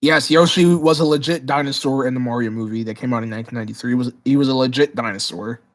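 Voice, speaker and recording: A man hosts a casual livestream, reading viewers' questions aloud and answering on the spot. He talks in an excitable, stumbling way, repeating words and restarting sentences as he goes. His voice sits at a middle pitch. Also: fast. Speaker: livestream host.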